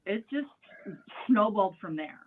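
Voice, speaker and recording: A man co-hosting a podcast, speaking in casual chat, earnest and grateful, often trailing off softly. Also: high voice, animated, a little slow, narrow, tinny audio, faint music behind. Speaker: podcast co-host.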